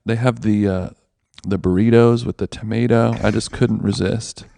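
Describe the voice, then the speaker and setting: A man's voice: on the low side, fairly even intonation, moderate pace, creaky, dark tone. A man co-hosting a podcast, rambling through a casual story and swearing freely. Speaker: podcast co-host. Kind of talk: casual chat. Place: basement of a villa.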